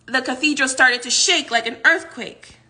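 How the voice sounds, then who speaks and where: Describing a dream in a high, sharp-toned voice at a moderate pace, a psychic vlogger tells her story casually. It meanders, full of restarts and frequent laughs.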